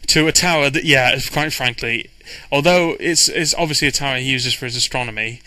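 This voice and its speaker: A man's voice: mid-range voice, brisk, bright, forceful tone, no room sound, poor audio. A man, a game master, casually recounting his tabletop campaign in a rambling way, with frequent restarts and fillers. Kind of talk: casual storytelling recap.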